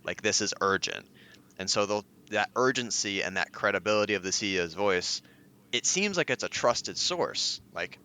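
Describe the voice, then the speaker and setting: A man's voice: fairly low pitch, expressive, normal speed, bright, forceful tone, smooth. A young man, a podcast guest, explaining things eagerly in casual chat with lots of filler words. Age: young adult.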